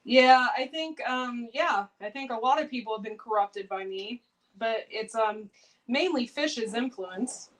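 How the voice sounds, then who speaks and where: A woman's voice: on the high side, measured pace, low-quality recording. A woman chatting casually on a cooking livestream, laughing and reacting to viewer comments. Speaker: home canning livestream host.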